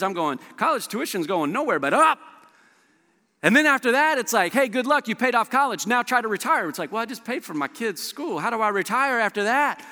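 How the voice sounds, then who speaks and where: A man in his thirties preaches in a big echoey hall. His voice sits high and sounds bright. He tells stories with energy and throws in quick quoted asides. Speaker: pastor. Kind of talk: sermon. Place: church auditorium.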